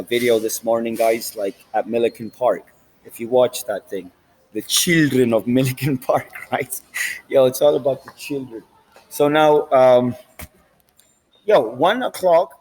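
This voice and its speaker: A man's voice: medium pitch, darkish tone, breathy edge, rough recording. A man vlogging in a rambling, profane monologue with street slang, recorded on a handheld phone inside a large train station.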